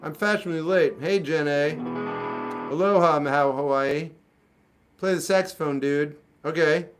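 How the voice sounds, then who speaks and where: Male streamer, casual deadpan chat, slightly raised voice. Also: on the high side, normal speed, over loud music. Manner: dry, offhand, jokey replies to comments. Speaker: livestreamer musician answering chat.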